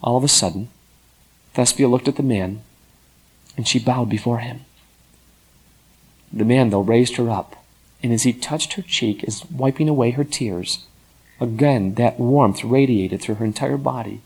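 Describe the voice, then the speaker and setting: Husky man telling a story. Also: mid-range voice, a little slow, pauses often. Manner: expressive, dramatic storytelling. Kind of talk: storytelling narration.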